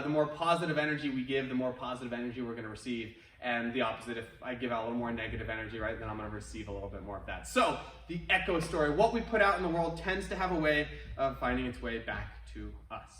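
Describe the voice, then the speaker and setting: A man's voice: mid-range voice, quick pace, few pauses, fairly bright tone. A male martial arts instructor, coaching an online class in an upbeat, encouraging way. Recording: echoey room, mic at a distance.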